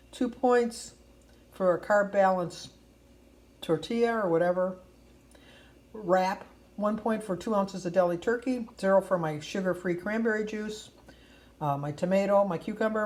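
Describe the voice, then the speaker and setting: A woman's voice: mid-range voice, darkish tone, low-quality recording. A woman chatting casually in a diary vlog at home, rambling and chatty with plenty of fillers. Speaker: vlogger.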